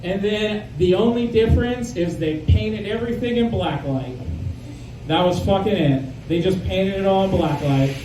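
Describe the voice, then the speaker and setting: A man's voice: high voice, moderate pace, roomy sound, far from the mic, background noise. A man doing a live stand-up set, rambling and profane, acting out voices of friends and characters. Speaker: stand-up comedian. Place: live comedy venue with audience.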